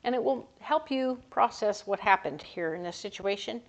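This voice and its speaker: A woman's voice: medium pitch, lively intonation, normal speed. A woman giving a casual, upbeat tarot reading to camera, chatty and often correcting herself mid-sentence. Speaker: tarot reader.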